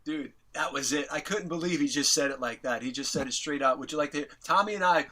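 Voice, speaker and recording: A middle-aged man from New York, an interview guest, telling a story animatedly, acting out quotes with big jumps in pitch and swearing casually. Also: fairly quick, bright, forceful tone.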